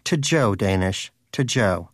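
A man's voice: fairly low pitch, expressive, slow, no echo, clean studio sound. A man voicing a pious, sour, hungry male pet rodent who speaks in a preachy, indignant way.

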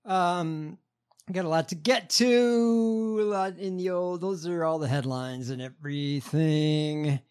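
A man hosting a casual talk show, reading news stories aloud with frequent ums and pauses. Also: fairly high pitch, a little mellow, smooth. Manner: hesitant, many ums, reads out stories. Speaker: host reading headlines.

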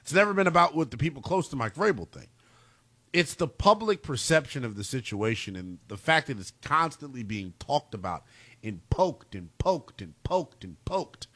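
A man co-hosting a sports talk show, incredulous and animated, firing off rhetorical questions that climb into shouts. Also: mid-range voice, moderate pace, no room sound. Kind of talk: sports talk radio banter.

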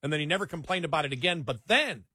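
A man's voice: fairly high pitch, lively intonation, racing, sharp tone, slightly rough, no echo, studio quality. A man who hosts a national radio talk show, telling a workplace story in casual chat, animating it by acting out the dialogue and often repeating words.

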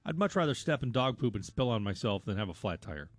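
Exasperated dad co-host, high lively voice, dry close sound. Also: male voice, fast, no room sound. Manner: animated, exasperated, swings loud and soft. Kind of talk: casual chat with ranting stories.

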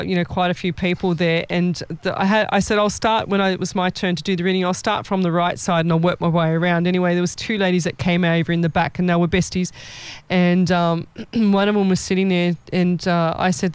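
A woman psychic medium tells stories in a casual chat, putting on the voices of the people she describes. Her voice is smooth and clear. The sound is dry and close, with almost no room in it. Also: lowish voice, dry recording. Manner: lively storyteller acting out quoted people.

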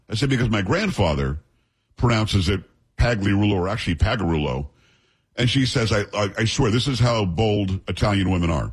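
A man's voice: on the low side, a little fast, husky. A middle-aged man hosting a radio talk show, telling stories and acting out the people in them. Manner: animated storyteller, does voices in anecdotes.

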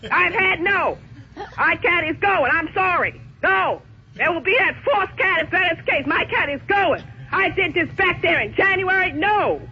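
A woman's voice: extremely high pitch, lively intonation, moderate pace, bright, forceful tone. Outraged woman caller, repeats her demand relentlessly, heard over a dull phone line. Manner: indignant, stubborn, keeps repeating herself. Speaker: prank call target. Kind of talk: phone call.

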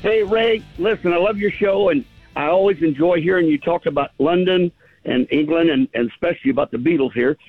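Man, southern accent, caller, gravelly, dry phone-line sound, eager storyteller. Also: on the high side, brisk, no room sound, faint music behind. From California, US. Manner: rambling, enthusiastic storyteller. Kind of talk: phone-in chat.

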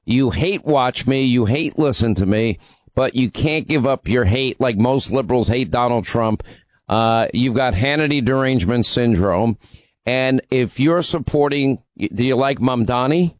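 A man's voice: mid-range voice, unhurried, no room sound. A man hosting a call-in radio show, needling and arguing with a caller. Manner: combative, needling. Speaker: radio talk show host.

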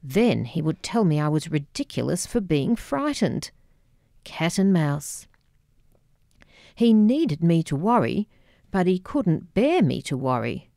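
Slow, wry woman reading a memoir. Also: deep voice, very animated, creaky, dark tone, dry recording, clean studio sound. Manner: measured, wry. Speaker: memoir narrator.

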